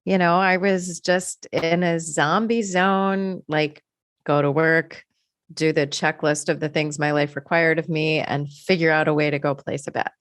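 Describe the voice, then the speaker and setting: Earnest, low-voiced woman sharing her recovery. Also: fairly even intonation, measured pace, no room sound, clean studio sound. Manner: earnest, reflective. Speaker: podcast co-host in recovery. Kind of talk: reflective personal sharing.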